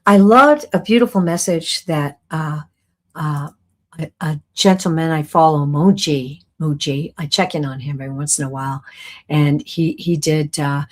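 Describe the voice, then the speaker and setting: A middle-aged woman leading a live online class as a psychic medium, speaking in a slightly low but lively voice. She talks earnestly and rambles a little, with soft laughs, as she reads out viewer comments over a stream mic. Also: moderate pace.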